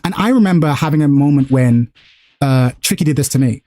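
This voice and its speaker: A man hosting a casual fighting game chat, excitable, laughing often and acting out quoted players. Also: mid-range voice, fairly quick.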